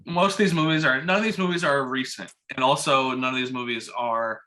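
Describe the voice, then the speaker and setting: A man's voice: mid-range voice, a little fast. A young man, co-host of a casual podcast chat, retelling a movie plot animatedly and acting out the lines. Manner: animated retelling with voiced impressions.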